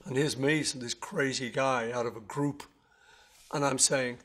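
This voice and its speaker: A man being interviewed about his songs, telling stories in a relaxed, rambling way with many self-corrections. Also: medium pitch, unhurried. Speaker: interviewee musician. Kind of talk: casual anecdotal storytelling.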